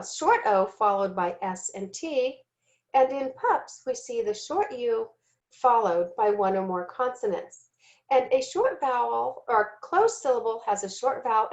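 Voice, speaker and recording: A woman giving a recorded teaching lesson, speaking slowly and deliberately and sounding out letters and syllables, sometimes correcting herself. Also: a little high. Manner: self-corrects with "excuse me". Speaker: teacher trainer.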